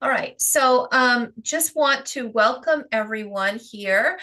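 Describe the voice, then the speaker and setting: Bright-voiced woman with a Rhode Island accent. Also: a little high, takes it slowly. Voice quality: chatty, upbeat, with fillers and little laughs. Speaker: host of a self-publishing Q&A. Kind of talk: live-stream Q&A chat.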